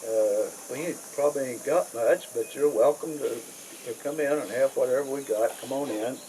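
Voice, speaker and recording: A gruff farmer husband voiced by a man with a Kentucky accent, blunt and plain-spoken. He is hospitable but greedy, in a mid-pitched voice over faint noise. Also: moderate pace, mellow, natural voice, low-quality recording. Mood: eager.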